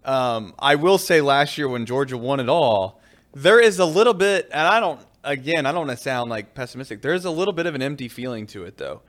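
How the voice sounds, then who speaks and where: A man's voice: mid-range voice, lively intonation, fairly quick, fairly bright tone. A man co-hosting a casual sports talk show, musing on the feeling of winning in a rambling, reflective way. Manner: reflective, rambling, lots of fillers. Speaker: podcast co-host.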